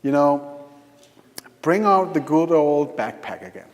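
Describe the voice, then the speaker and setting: Man, hypnotist, stage demo, slow coaxing lists, long hall echo. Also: fairly high pitch, big pitch swings. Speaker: hypnotist giving a stage demonstration. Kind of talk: guiding a live hypnosis demo. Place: conference hall. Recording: reverberant conference hall.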